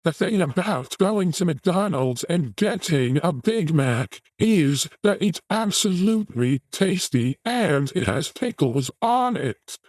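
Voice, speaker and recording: A man's voice: sits high, animated, takes it slowly, few pauses, a little mellow, no room sound, voice pushed up, full character voice. A man putting on a mock British-sounding voice for an impression of a pompous man. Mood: mock-posh.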